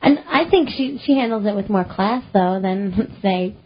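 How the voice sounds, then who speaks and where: A woman's voice: medium pitch, husky. A woman co-hosting a talk radio show, chatty and full of "like", reading entertainment news on a lo-fi AM broadcast. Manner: chatty, lots of "like", quick to laugh. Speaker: radio co-host and news reader. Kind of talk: casual talk radio banter. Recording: lo-fi AM radio broadcast with faint noise.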